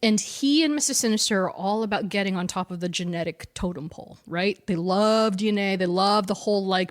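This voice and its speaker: A woman co-hosting a podcast in casual chat, retelling a comic storyline with animated energy and frequent laughter. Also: medium pitch, brisk. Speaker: podcast co-host.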